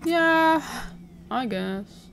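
A woman's voice: high-pitched, animated, drawn-out words, gravelly, a little hiss or hum. A woman hosting a gameplay video, nervous and jumpy, laughing often as she chats with a co-player. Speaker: gaming channel host. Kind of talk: casual gameplay commentary.

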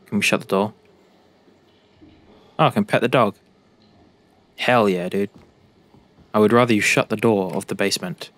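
A man's voice: lowish voice, moderate pace, pauses often, a bit bright. A young British man giving joking commentary while playing a game, talking to the characters on screen. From Britain. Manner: jokey, talks to the game characters. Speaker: gaming YouTuber.

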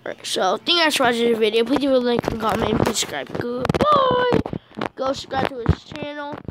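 A woman's voice: a little high, sing-song, a little fast, heavy background noise. A woman doing casual reaction commentary, chatty and addressing viewers directly. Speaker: video reactor.

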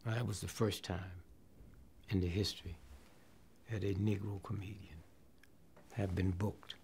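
Gravelly older man telling a story. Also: low voice, a little slow, slight background noise. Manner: animated storyteller, acts out quotes, drops to hushed near-whispers. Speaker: comedian recalling his career. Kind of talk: storytelling interview.

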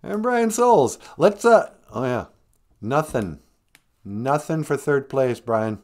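This live stream host talks slowly in a medium-pitched, slightly mellow voice with big pitch swings. While teaching words, he jokes with and teases his viewers, throwing in playful mock-stern scolding.

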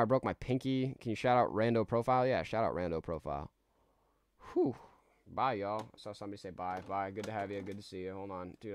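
A man's voice: fairly low pitch, slight background noise. A man streaming a game live, rambling in a laid-back way with many restarts as he reads out chat. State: tired.

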